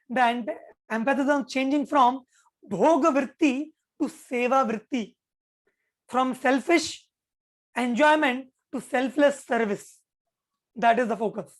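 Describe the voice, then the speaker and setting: A woman with a high voice gives a spiritual lesson on scripture. She speaks earnestly and drives her points home by repeating key phrases. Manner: chants Sanskrit verse slowly. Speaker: spiritual teacher. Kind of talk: explaining scripture to an audience.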